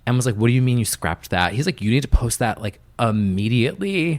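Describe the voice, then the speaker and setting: A man's voice: medium pitch, very animated, fast talker. A young man chatting as a podcast guest, telling stories in a loose, filler-heavy way with lots of "like". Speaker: podcast guest, music producer. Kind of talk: casual interview chat.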